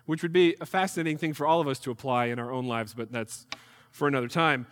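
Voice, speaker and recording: Young male missionary speaker with a high voice, animated and humorous. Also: fairly quick, in a large hall. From New York. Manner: animated, jokey storytelling with acted-out asides. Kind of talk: ministry presentation to a church group.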